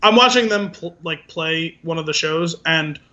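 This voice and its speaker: Man, podcast co-host, casual chat, high voice, animated, acts out scenes. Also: normal speed, highs cut off.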